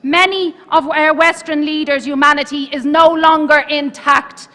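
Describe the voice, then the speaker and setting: A woman parliamentarian giving a forceful, urgent formal speech at an assembly. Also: high-pitched, fairly even intonation, moderate pace. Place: large assembly hall. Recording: long hall reverb.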